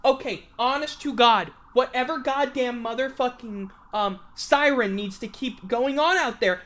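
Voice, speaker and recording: A woman's voice: on the high side, a little slow, few pauses, fairly bright tone. A woman hosting a casual livestream sports show, ranting in an exasperated, profane way. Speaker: sports talk show host.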